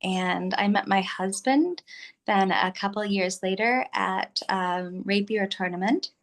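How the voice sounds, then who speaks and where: A woman in her fifties, a guest telling her story in an unhurried, friendly way. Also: mid-range voice. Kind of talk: casual interview storytelling.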